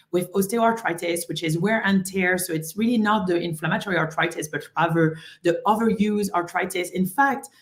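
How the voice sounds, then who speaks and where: A woman speaking English with a French accent, in a slightly low voice. She talks in a friendly, chatty way, with plenty of ums and restarts, like a doctor hosting a casual live health stream. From France. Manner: friendly, chatty, many fillers.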